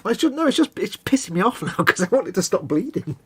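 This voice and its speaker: Guy ribbing his mate on a hobby stream, jokey, slightly higher voice. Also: very animated, a bit bright, slightly rough. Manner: teasing and joking, with quick asides. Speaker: co-host of a live hobby stream. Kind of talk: casual banter while building a model.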